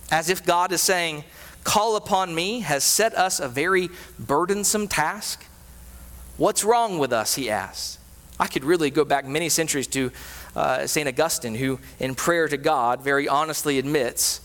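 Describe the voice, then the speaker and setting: A man preaching a sermon as a pastor, animated, with frequent rhetorical questions. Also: fairly high pitch, moderate pace. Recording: reverberant hall.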